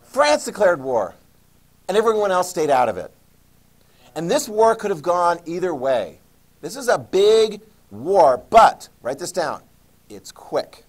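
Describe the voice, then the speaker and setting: Animated male history teacher lecturing. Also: high-pitched, measured pace. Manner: animated, jokey, acts out quoted voices. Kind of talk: classroom lecture.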